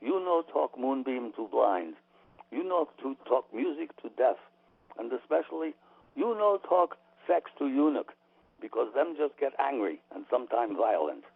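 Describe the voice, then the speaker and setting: A man's voice: medium pitch, very animated, moderate pace, gravelly, breathy edge, no echo, heavily acted. A man voicing a stern male martial arts teacher with a Japanese accent, speaking in clipped broken-English sayings over a tinny phone line. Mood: lecturing.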